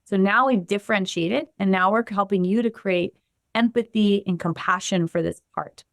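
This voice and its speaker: A woman guest on a podcast explaining her practice in an animated way, acting out the voices of the people in her examples. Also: mid-range voice, normal speed, vocal fry, no echo, studio quality. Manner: animated, acts out the quotes she gives. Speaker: guest, somatic trauma practitioner.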